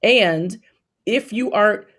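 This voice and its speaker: Woman guest, equity strategist, plain mid-pitched voice, emphatic and conversational. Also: a bit bright. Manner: emphatic, colloquial, quick asides. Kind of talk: casual interview talk.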